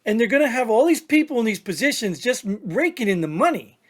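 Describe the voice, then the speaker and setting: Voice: mid-range voice, sing-song, a little fast, fairly bright tone. A veteran podcast co-host on an angry tear, blunt and insulting toward listeners. The voice keeps hammering points with rhetorical questions and repetition, in an opinionated political rant.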